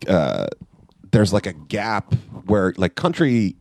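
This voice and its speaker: A man with a lowish voice thinks out loud in a casual chat, often hedging with "I feel like". The sound is dry and close, with no room echo. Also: sing-song, takes it slowly, creaky.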